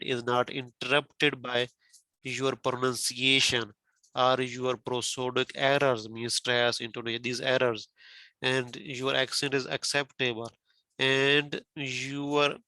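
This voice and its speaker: There's no room sound as a man, whose first language isn't English, carefully teaches exam criteria to a student, repeating key points and checking with questions. He's a test prep teacher with a mid-range voice and a sharp tone.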